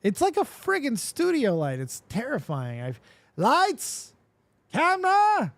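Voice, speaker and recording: A man hosting a live stream, chatting casually, reading viewer comments aloud and swearing freely in an animated way. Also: very high-pitched, takes it slowly, dry recording. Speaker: livestream host.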